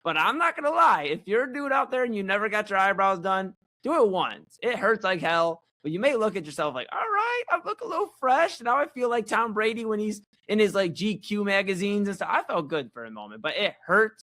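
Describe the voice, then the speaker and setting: A young man co-hosting a comedy chat show, telling a story in a rambling, animated, self-mocking way. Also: high voice, fairly quick, hardly any pauses. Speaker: co-host.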